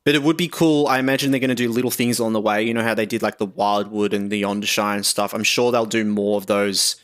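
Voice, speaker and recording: A man's voice: lowish voice, steady tone, fast talker, a bit bright. A young Australian man chatting casually with viewers during a live game stream, reading chat aloud with lots of fillers.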